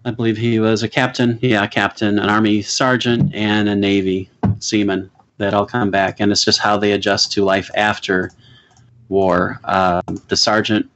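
A man's voice: fairly low pitch, level tone, normal speed, a bit bright. A middle-aged man co-hosting a podcast, chatting casually and earnestly about old films and laughing easily. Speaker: podcast co-host. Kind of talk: casual chat about movies.

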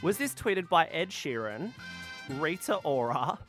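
Australian woman, radio host, lively pitch, giggly, faint background music. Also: measured pace. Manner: bubbly, giggly, emphatic. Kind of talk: upbeat radio chat.

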